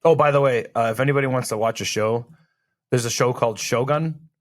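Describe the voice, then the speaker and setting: Brief: male podcast co-host, casual banter, jokey and rambling, interrupts a lot. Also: medium pitch. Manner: joking, rambling, quick to interrupt. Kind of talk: casual chat.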